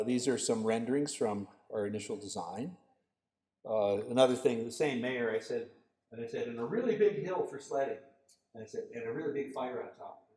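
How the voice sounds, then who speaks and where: A man giving a guest lecture, telling lively anecdotes about a park design project. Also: medium pitch. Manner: storytelling, animated quoted voices. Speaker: guest lecturer, landscape architect. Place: lecture hall. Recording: echoey lecture hall.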